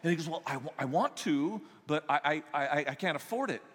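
A man preaching from the stage of a large church, his voice a touch higher than most. He tells stories with comic timing and acts out the voices of the people in them. The sound carries a long reverb from the big room. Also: fairly quick, husky. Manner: animated, acts out quoted voices, joking. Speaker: pastor. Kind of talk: sermon storytelling. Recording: long echo of a large hall.

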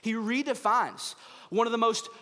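Preacher guy, kinda high voice, jumps all over, big echoey church sound. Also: moderate pace. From United States. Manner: animated storytelling, acts out voices, humorous. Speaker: pastor. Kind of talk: sermon. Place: church stage.

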